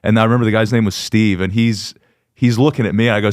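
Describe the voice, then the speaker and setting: A man with a fairly low voice tells club stories in relaxed podcast chat. He is animated and laughs often as he talks. The sound is close and dry, with no room in it. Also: fast talker, no echo. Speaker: stand-up comedian.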